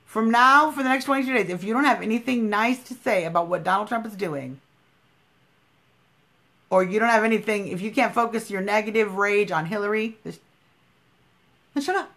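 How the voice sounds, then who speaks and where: A woman's voice: mid-range voice, moderate pace, vocal fry, pauses often, a bit bright. A woman hosting a political livestream, talking bluntly and emphatically, scolding her viewers and swearing freely. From United States. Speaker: livestream host.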